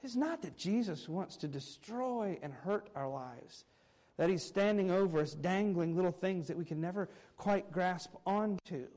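On a low-quality recording, a male pastor reads scripture and expounds it with earnest, animated preaching. He speaks a little slowly, swinging from emphatic raised moments to hushed, low asides.

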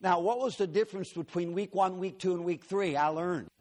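A man's voice: sits high, a little fast, darkish tone. A man preaching a sermon to a church congregation, telling personal stories with folksy, joking asides. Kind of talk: sermon with storytelling.

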